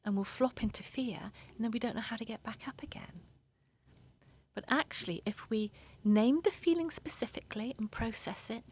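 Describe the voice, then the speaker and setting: Breathy husky lady therapist, soft earnest explaining in an interview. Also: medium pitch. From England. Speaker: therapist guest.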